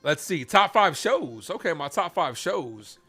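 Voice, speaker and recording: A man hosting a live baseball stream, chatting casually with viewers while calling the pitches in an animated way. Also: unhurried, husky, faint music behind. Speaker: live play-by-play streamer and host.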